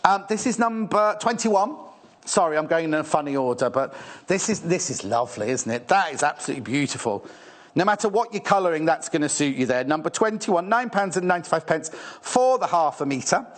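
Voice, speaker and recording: A British man presenting fabrics on a live TV shopping channel, rushed, gushing and a little out of breath. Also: on the high side, expressive.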